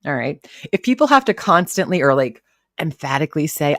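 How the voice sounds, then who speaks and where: A woman with a low voice chats casually on her live stream, rambling between posts and greeting viewers by name. Her voice is recorded close and dry, with no room sound around it. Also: very animated, fairly quick, no room sound. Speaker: livestream host reacting to commentary.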